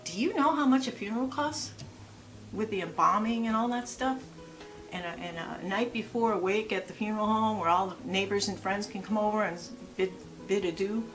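A woman's voice: medium pitch, fairly quick, a bit bright, soft background music. A woman in her sixties giving casual lifestyle advice in a chatty vlog, full of asides and rhetorical questions. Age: 60s. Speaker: lifestyle vlogger.

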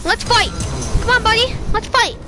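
A man's voice: extremely high pitch, moderate pace, background noise. A man voicing a hyper, foul-mouthed young boy who taunts other players in an online game with crude, giggly trash talk. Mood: taunting. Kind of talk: comedic voice trolling in an online game.

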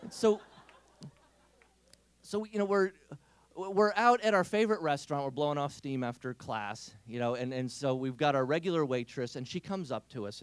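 This is a man giving a comic storytelling talk to a youth audience. He is animated and slips into different voices for the people in his story. His voice is high and lively, and the recording is dry and close. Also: moderate pace, clean tone, dry recording. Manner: animated, acts out characters' voices. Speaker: speaker at a Catholic youth event.

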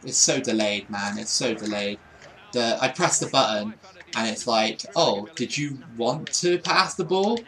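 A man's voice: medium pitch, sharp tone. A young man giving casual commentary over a football video game, often frustrated and swearing at it. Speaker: gaming YouTuber.

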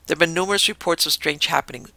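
A woman who has worked a hotel front desk for years, read by a male narrator, telling ghost stories in a plain, matter-of-fact way. The voice is gravelly and bright, dry and close to the mic. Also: a little high, rapid-fire, dry recording.

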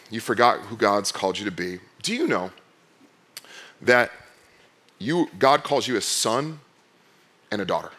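A man preaching a sermon as pastor. He talks in a conversational way, asks the congregation many direct questions, and swings between loud, fired-up passages and quiet, low ones.

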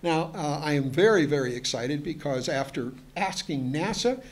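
A man's voice: a little high, expressive, moderate pace. A man, a museum historian, giving a lecture to an audience, hesitant with many fillers and restarts, and chatty with joking asides.

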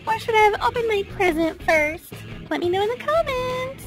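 High-voiced woman hosting a kids' toy video. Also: animated, moderate pace, faint music behind. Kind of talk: addressing kids watching.

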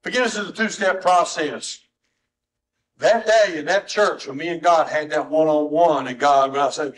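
A middle-aged man, preaching a sermon as pastor in a church, swinging from soft, low tones to high, strained cries. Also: moderate pace, rough recording. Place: church sanctuary.

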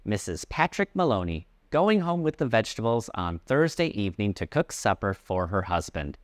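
A man teaching English, reading a story aloud and clearly explaining words along the way. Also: fairly low pitch, sing-song, normal speed, few pauses, no echo, studio quality.

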